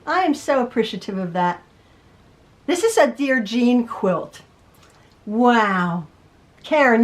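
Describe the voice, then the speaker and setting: A middle-aged woman, a quilting teacher, chatting casually from her home sewing room as she reads out viewer emails, rambling, restarting and laughing. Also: fairly high pitch.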